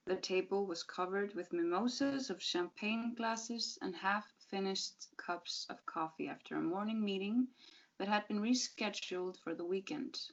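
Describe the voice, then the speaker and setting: Woman reading a story over dull audio. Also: mid-range voice. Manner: measured reading with occasional self-corrections. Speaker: reader at a literary event. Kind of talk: reading a short story aloud.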